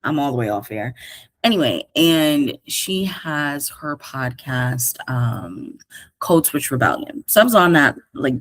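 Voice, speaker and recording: A woman with a New York accent who hosts a podcast as a career coach, talking to listeners in a casual, slangy, animated way. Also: a bass voice, unhurried, no room sound. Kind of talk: casual solo podcast monologue.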